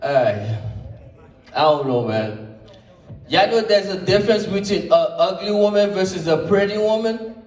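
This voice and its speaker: A man from Brooklyn, doing laid-back stand-up comedy with drawn-out lines and playful asides, heard from far off in an echoey room. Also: high voice, expressive, a little mellow. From Brooklyn, New York.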